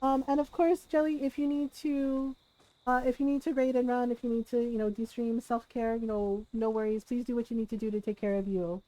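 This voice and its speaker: Middle-aged woman streamer, high voice, chatty and giggly, dry close mic. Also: little pitch movement, brisk, warm tone, no echo, poor audio. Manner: chatty, giggly storytelling with many fillers. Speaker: livestreamer. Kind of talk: casual chat while gaming.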